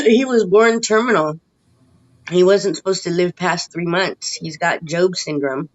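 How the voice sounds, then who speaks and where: A woman's voice: on the low side, unhurried, no echo. A woman venting on a casual video call, her voice climbing as frustration spills out. The sound is dull and lo-fi, like online call audio. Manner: emotional, ranting, voice rising with frustration. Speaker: chat participant.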